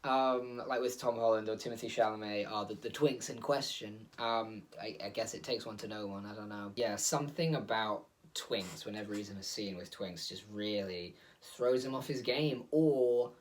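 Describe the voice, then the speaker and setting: A man's voice: lowish voice, moderate pace, hardly any pauses. A man hosting a casual solo monologue, rambling and digressive, full of fillers and laughs, recorded on a phone. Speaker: host.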